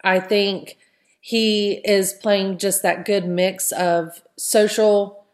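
A woman's voice: mid-range voice, level tone, extremely slow, darkish tone. A woman hosting a casual podcast chat, talking loosely and often tagging her points with "right?". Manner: chatty, keeps adding "right?". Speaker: podcast host.

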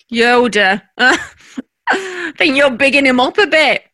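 An actress playing a sharp-tongued, sarcastic working-class wife and mother. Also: high voice, animated, heavily acted. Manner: dry, sarcastic, drawn-out. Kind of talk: audio drama acting.

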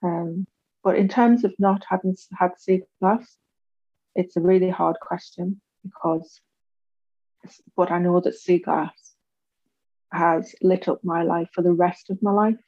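A woman in her forties, an interview guest candidly telling her life story and acting out the voices of others with big pitch jumps. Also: steady tone, unhurried, mellow, no room sound, dull audio.

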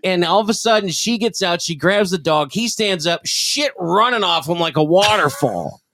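A man's voice: high-pitched, animated, normal speed, bright, forceful tone, no echo. A man on a comedy podcast, telling a rambling, profane story and breaking into laughter as he goes. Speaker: podcast co-host.

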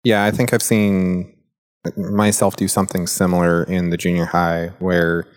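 A man with a very low voice talks in a relaxed, loose way, full of "like" fillers. His delivery stays steady and flat as he poses open questions to his co-hosts in an easygoing conversation. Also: moderate pace. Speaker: podcast co-host and youth mentor. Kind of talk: casual discussion.

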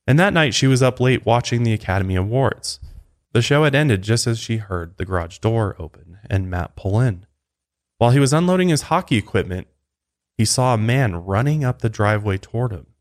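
A man with a fairly low voice recounts a crime story at an even, conversational pace, slipping into casual asides now and then. His telling stays plain and steady. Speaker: true crime podcast host.

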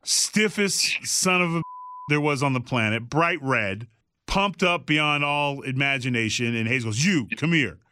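A middle-aged man telling a story in a casual, animated way, acting out the voices of the people in it and swearing freely. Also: medium pitch, measured pace, slight background noise. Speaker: guest telling a backstage story.

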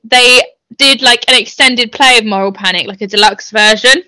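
A woman's voice: fairly high pitch, normal speed, sharp tone, no echo, rough recording. A woman co-hosting a podcast in casual chat, chatty and enthusiastic, laughing easily. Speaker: podcast co-host.

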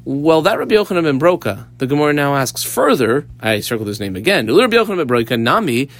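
A man's voice: a little high, sing-song, fast, a bit bright. A man teaching a Talmud class. He explains it step by step and weaves Hebrew and Aramaic terms into his English. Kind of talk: daily page Talmud class.

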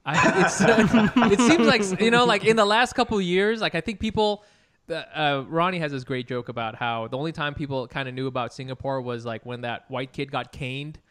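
A man's voice: a little high, moderate pace, a bit bright. A man co-hosting a casual podcast chat, laid-back and joking with his guest. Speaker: podcast co-host.

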